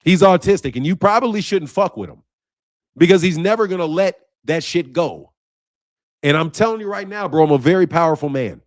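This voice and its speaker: A man's voice: a little high, lively intonation, brisk, no echo, studio quality. A man hosting a boxing channel, talking to camera in a casual monologue; he is emphatic and repetitive, swears often and turns intense and confrontational.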